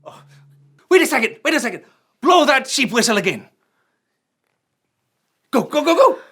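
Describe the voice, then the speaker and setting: A performer playing a goofy, upbeat MC in a comedic children's church skit, lively and prone to excited exclamations. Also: high voice, normal speed, husky, exaggerated voice. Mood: overjoyed. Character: goofy upbeat kids' show MC character.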